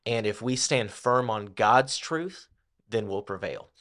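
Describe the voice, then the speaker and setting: A man's voice: on the low side, a little slow, fairly bright tone. A man co-hosting a Bible teaching podcast, explaining casually and peppering his speech with "like". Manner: casual explaining with many "like" fillers. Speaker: podcast co-host.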